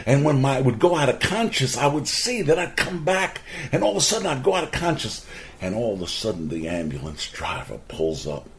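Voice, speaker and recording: Animated man telling a personal story. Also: medium pitch, brisk, slight background noise. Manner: animated storyteller whose voice jumps up sharply when quoting people; earnest, preachy asides about life lessons. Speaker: former garden center owner telling a life story. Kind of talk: personal anecdote monologue.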